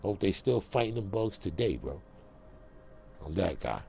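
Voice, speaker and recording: New dude, deep dark voice, swings up and down a lot, streetwise rant. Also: male voice, very animated, normal speed, creaky, slight background noise. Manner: streetwise, emphatic, repeats "bro". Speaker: vlogger. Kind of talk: casual rant to camera.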